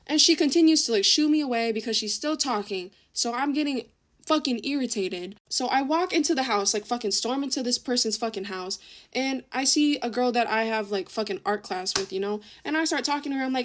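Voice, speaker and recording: A woman's voice: fairly high pitch, fast. Chatty teen girl telling a story. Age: late teens. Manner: rambling, swears a lot, says "like" often. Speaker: TikTok storyteller. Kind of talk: casual storytime chat.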